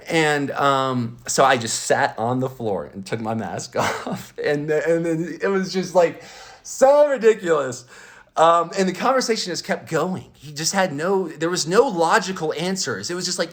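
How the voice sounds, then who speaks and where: A man telling a story as a podcast host, indignant and animated, acting out both sides of an argument with many restarts and stammers. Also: on the high side, moderate pace. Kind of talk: ranting storytelling monologue.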